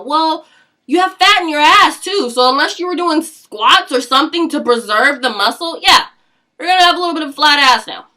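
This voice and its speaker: Young woman, high voice, bright, blunt casual rant with cursing. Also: animated, fairly quick. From Seattle area, US. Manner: blunt, heavy cursing, laughing asides. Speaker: vlogger.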